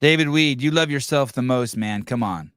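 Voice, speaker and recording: A man with a clear, resonant, mid-range voice and a fairly bright tone hosts a podcast at a moderate pace. He crudely rants to the live chat for laughs, mocking people with whiny voices, in a studio-quality recording without echo.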